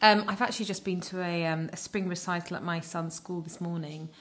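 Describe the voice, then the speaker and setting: A woman's voice: fairly low pitch, steady tone, a little fast. A woman in her thirties co-hosting a podcast, telling rambling stories and prone to giggles. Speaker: podcast co-host. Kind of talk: casual chat.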